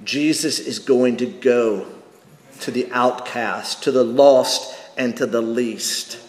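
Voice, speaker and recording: A man's voice: medium pitch, takes it slowly. A man preaching a sermon as pastor, emphatic and repeating key phrases for weight. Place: church sanctuary. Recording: echoey hall, long reverb.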